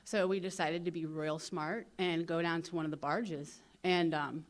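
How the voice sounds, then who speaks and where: A woman from St. Louis speaking at a recovery convention. She talks casually, fills her speech with "you know," and acts out other people's lines in lively voices. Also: low voice, moderate pace. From St. Louis, USA. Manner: casual storytelling, heavy on "you know" fillers. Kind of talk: personal recovery talk. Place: convention hall.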